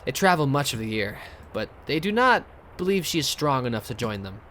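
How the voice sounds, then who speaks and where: A man voicing a lonely, warm-hearted older male innkeeper in a video game, with a put-on foreign accent and a halting, earnest delivery. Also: medium pitch, sing-song, a little hiss or hum. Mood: wistful.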